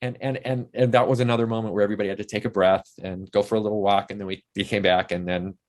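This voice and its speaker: A man in his sixties with a lowish voice talks through behind-the-scenes stories as an interview guest. He wanders from thought to thought, restarting sentences as memories come back to him. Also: rapid-fire. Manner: rambling, animated anecdotes full of restarts and acted-out quotes. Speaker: interview guest, actor and playwright. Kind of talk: anecdotal interview storytelling.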